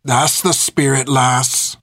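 A man voicing a calculating, malicious male soldier with a smooth, precise, metered way of speaking and mocking taunts. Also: mid-range voice, flat delivery, takes it slowly, a bit bright, no echo, studio quality, heavily acted. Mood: mocking menace.

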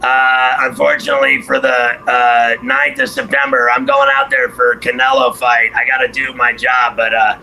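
A man's voice: medium pitch, moderate pace, creaky, few pauses, pushed and bright, slight background noise, rough recording. A man chatting casually as a radio co-host, joking and boisterous, teasing his friend. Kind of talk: casual chat.

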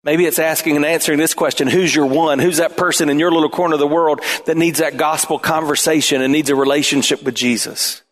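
A man preaching a sermon as pastor, emphatic and at times shouting. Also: fairly high pitch, fairly even intonation, fast talker, hardly any pauses.

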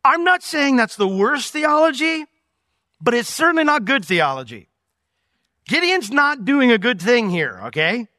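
A man teaching through a Bible passage verse by verse, swinging between loud emphatic points and quiet asides. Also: extremely high pitch, very animated, a little slow, no echo, clean studio sound. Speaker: pastor.

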